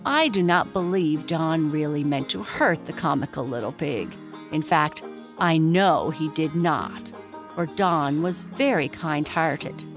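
A woman reading a children's story aloud in a gentle, expressive storytelling manner. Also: low-pitched. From Prince Edward Island, Canada.

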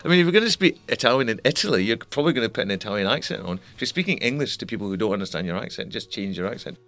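Gravelly fast-talking man. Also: on the low side, very animated, fairly bright tone. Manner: candid, restarts mid-sentence, swears. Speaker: musician interviewee. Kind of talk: reflective interview talk.

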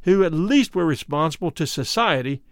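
A man narrating a first-person memoir as an audiobook in a measured, solemn manner. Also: fairly high pitch, lively intonation, no room sound, clean studio sound.

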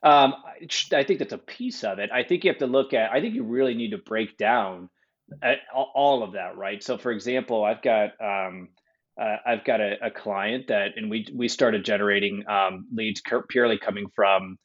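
A male guest discusses business in a measured, hesitant way, pausing on fillers. His voice sits on the low side. The sound is dull and lo-fi. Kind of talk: conversational business talk.

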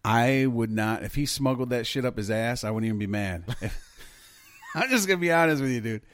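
A man's voice: medium pitch, moderate pace, no echo, studio quality. A man co-hosting a podcast, chatting loosely about news stories, swearing and laughing often. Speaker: podcast co-host. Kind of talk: casual news chat.

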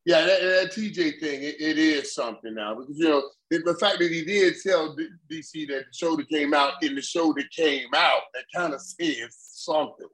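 Older male co-host, slightly high voice, rambling and excitable. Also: moderate pace, hardly any pauses, rough recording. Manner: rambling, repeats words, excitable storytelling. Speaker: sports talk co-host. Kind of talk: casual sports chat.

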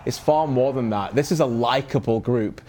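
A man's voice: mid-range voice, moderate pace, mellow, slight background noise. A man on a studio sports panel, earnest and rambling, with frequent restarts. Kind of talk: casual panel discussion.

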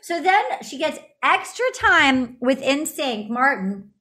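A woman's voice: sits high, slow pace. A woman co-hosting a casual podcast chat, recapping a reality show and acting out the people in it with playful voices. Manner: animated storyteller, acts out quotes with silly voices. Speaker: podcast co-host.

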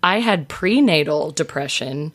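A woman's voice: low voice, lively intonation, measured pace, slightly rough. A woman in her thirties chatting casually as a podcast guest, telling a personal story candidly and with animation. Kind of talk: casual chat.

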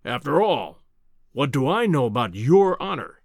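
A man voicing a pompous, booming older professor who lectures in a condescending, imperious way in an audiobook reading. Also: big pitch swings, a little slow, gravelly, no echo, studio quality, heavily acted.

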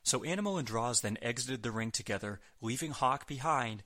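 A man narrates a scripted recap as the show's host. His tone is bright and forceful, and he drops dry, sarcastic asides along the way. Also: medium pitch, a little fast. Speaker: podcast host.

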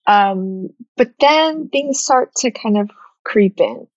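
A woman who is a former therapist, guest on a casual podcast, talking emphatically with quick agreeing interjections. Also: mid-range voice, lively intonation, no room sound, muffled recording.

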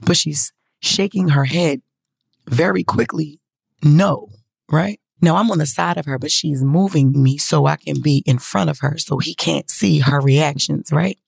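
A woman telling a story to her viewers in a casual, profane, animated way. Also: low-pitched, unhurried, creaky, slightly rough, no echo.

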